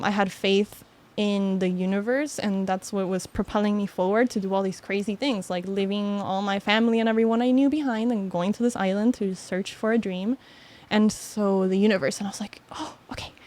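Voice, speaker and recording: A young woman from Miami, a podcast guest, telling a story in casual chat, full of "like" and laughs. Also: medium pitch. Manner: animated storytelling with lots of "like" and laughter.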